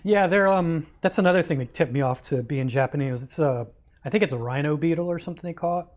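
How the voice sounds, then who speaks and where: A man's voice: on the high side, quick pace, a little mellow. A man casually commenting on a game he is streaming, joking and reacting aloud.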